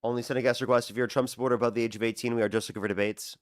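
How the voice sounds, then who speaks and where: A young man hosting a live debate stream, talking casually and thanking donors in a quick, repetitive run. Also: medium pitch, fairly even intonation, no echo, studio quality. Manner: rapid-fire, repetitive thank-yous to donors. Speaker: livestream debate host. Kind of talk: casual livestream talk.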